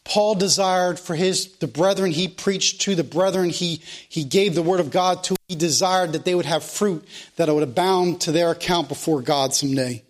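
Middle-aged pastor guy preaching in church, fairly high voice, gets slow and loud on the big points. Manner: emphatic, repetitive preaching that slows and rises at climaxes. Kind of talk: sermon. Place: church sanctuary.

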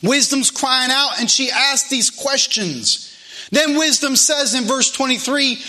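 A man's voice: very high voice, unhurried, pushed and bright. A man preaching a sermon, reading scripture aloud and pressing questions on his listeners with emphatic delivery.

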